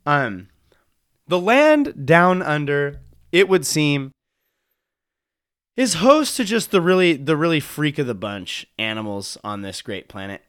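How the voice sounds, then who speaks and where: A man hosting a casual comedy podcast, rambling and self-deprecating as he trips over his own restarts. His voice sits a little high and swoops around a lot, close and dry on the mic with no room sound. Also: sing-song, slow, fairly bright tone, clean tone, no room sound. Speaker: podcast host.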